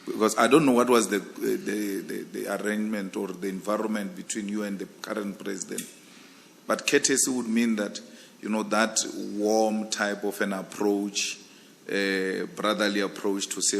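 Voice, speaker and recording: A man who is a commissioner, questioning a candidate at a formal hearing in a forceful, insistent way. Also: on the low side, little pitch movement, normal speed, vocal fry, big-room sound, a little hiss or hum. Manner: forceful, insistent, emphatic repetition.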